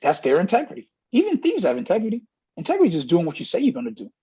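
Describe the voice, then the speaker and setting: A man's voice: high-pitched, huge pitch swings, rapid-fire, dark tone, breathy edge. A middle-aged man, a football coach, giving a candid interview and telling stories with lots of acted-out dialogue. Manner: earnest storyteller acting out dialogue. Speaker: college running backs coach, interview guest. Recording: dull lo-fi audio.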